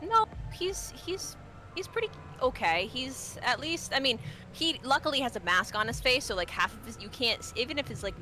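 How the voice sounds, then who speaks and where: A woman's voice: high-pitched, very animated, moderate pace, pushed and bright, faint music behind. A woman player on a voice call describing her character in a hesitant, rambling way with many ums.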